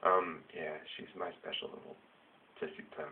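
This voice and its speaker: A man's voice: low voice, level tone, normal speed, slight background noise. A man hosting a show, talking in a rambling, jokey way and laughing often. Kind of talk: casual monologue. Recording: tinny phone-like sound.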